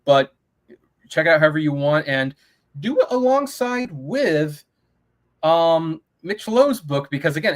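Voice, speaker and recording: A man hosting an interview show, chatting casually and speaking directly to the audience. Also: a little high.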